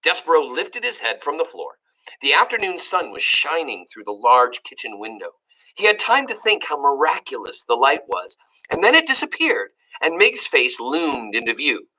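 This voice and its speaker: A woman reads a children's book aloud, explaining harder words to young listeners as she goes. Her voice swoops widely in pitch, and her tone is bright and lively. She tells the story with plenty of expression. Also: normal speed.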